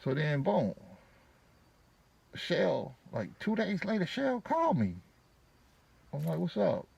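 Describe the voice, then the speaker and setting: A man's voice: fairly high pitch, huge pitch swings, slow, creaky, a little mellow, husky. A man telling a casual personal story to his viewers, slangy and profane with a laid-back delivery. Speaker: vlogger.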